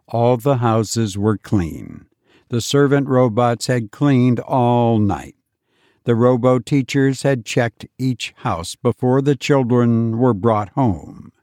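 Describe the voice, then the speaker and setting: Slow, measured male storyteller. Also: medium pitch, warm tone, dry recording, studio quality. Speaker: narrator and podcast host. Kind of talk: storytelling narration.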